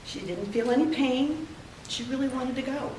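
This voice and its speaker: An older woman giving a heartfelt memorial tribute, telling stories with pauses. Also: sits high, a little mellow, a little hiss or hum. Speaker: eulogy speaker. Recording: echoey room, heard from a distance.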